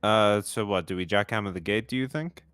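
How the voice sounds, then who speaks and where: A man's voice: lowish voice, a little fast, a bit bright, clear, resonant tone, no room sound, faint music behind. A man chatting playfully while playing an adventure game. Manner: playful, joking. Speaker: let's play co-host. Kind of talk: casual game commentary.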